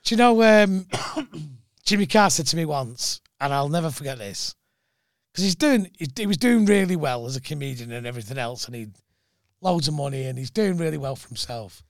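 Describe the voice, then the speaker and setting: A man chatting casually on a podcast as a comedian guest, telling lively anecdotes and acting out other people's voices. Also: on the high side, fairly quick, no room sound, clean studio sound. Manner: animated storyteller, acts out voices in anecdotes.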